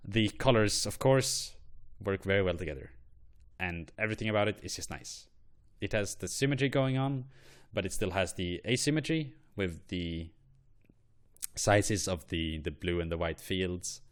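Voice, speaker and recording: A man's voice: deep voice, measured pace. A man hosting a casual commentary video, blunt and opinionated, swearing offhandedly as he gives his verdicts. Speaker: host.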